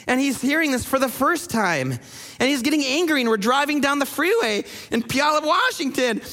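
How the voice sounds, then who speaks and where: A man who pastors a church, preaching a sermon and telling stories with lively acted-out quotes. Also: very high voice, big-room sound. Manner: animated storyteller acting out quoted people. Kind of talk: sermon storytelling.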